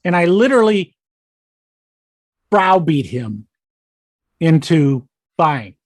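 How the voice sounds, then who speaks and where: A man hosting a casual business podcast, an animated storyteller who acts out the quotes in his anecdotes. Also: fairly high pitch, takes it slowly, no room sound, studio quality. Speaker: podcast host. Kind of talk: casual conversation.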